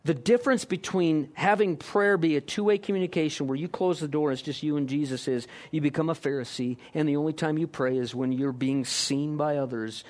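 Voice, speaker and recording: Emphatic preacher with rising questions. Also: male voice, on the high side, fast. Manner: emphatic, repeated rhetorical questions. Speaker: pastor. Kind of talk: sermon.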